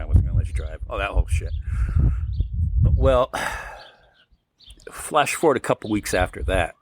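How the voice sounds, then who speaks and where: A deep-voiced podcast co-host rambles through a long story casually, acting out the quoted dialogue in an animated retelling. There is slight background noise.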